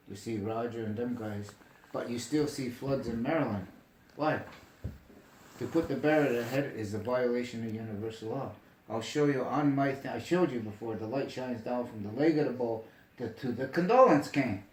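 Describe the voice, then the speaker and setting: A man telling stories in casual conversation, emphatic and animated, often asking if the listener follows. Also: medium pitch, normal speed, reverberant, low-quality recording. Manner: animated, emphatic, asks "you get me?". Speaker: storyteller. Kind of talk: casual storytelling chat.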